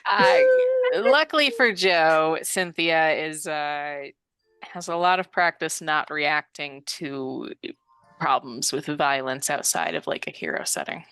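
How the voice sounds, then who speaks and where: A woman's voice: deep voice, lively intonation, slow pace, a bit bright, slight background noise. A woman chatting casually as a tabletop game player, hesitant and thinking aloud. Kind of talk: casual chat between players.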